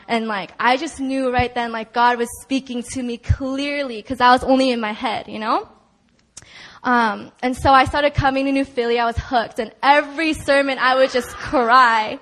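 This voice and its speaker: A woman's voice: sits high, steady tone, moderate pace, a bit bright. A young woman giving a personal testimony at a church prayer meeting, talking in a chatty way full of "like" and "you know" and often laughing as she tells it. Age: young adult. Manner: laughs often while telling.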